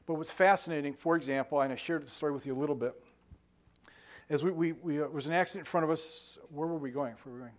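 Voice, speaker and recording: A man's voice: a little high, quick pace. An older man preaching a sermon, shifting from scripture into rambling, self-deprecating stories with frequent restarts and chuckles. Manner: conversational storytelling with frequent restarts and laughter. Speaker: pastor.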